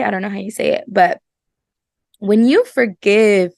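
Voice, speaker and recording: A woman's voice: medium pitch, measured pace, dry recording, clean studio sound. A woman hosting a casual self-help podcast, earnest and emphatic, often repeating her words. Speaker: podcast host.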